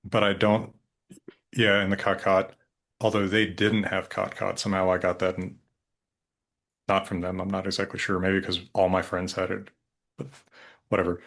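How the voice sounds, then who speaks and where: A man with a deep voice and a Colorado accent talks as an interview guest. He speaks in a slow drawl and thinks out loud, hedging as he goes. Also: completely flat delivery. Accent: Colorado, American West. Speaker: guest linguist. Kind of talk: conversational interview.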